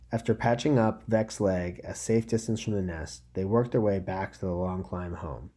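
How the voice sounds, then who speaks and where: Low mellow guy reading a story out, steady measured pace, podcast host. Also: husky. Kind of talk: storybook narration.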